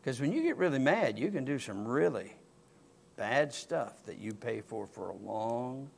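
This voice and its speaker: An older man, a pastor, telling a personal story in a folksy, animated sermon. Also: medium pitch, a little slow, creaky, a little hiss or hum.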